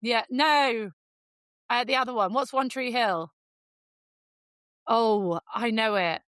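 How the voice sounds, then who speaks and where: An Englishwoman co-hosts a podcast, telling a story in lively, casual chat and switching to high voices when quoting people. She speaks slowly, and there's no echo.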